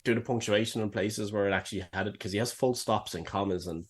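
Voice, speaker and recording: A man's voice: on the low side, fast talker, breathy edge. A man co-hosting a podcast in casual banter, laughing often and swearing freely. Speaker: podcast co-host.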